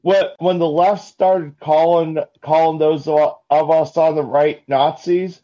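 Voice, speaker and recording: A man calling in to a live talk show, telling jokes in a halting way with many restarts. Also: on the high side, fairly even intonation, dark tone. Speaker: caller. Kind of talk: casual call-in chat. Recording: dull lo-fi call-in line.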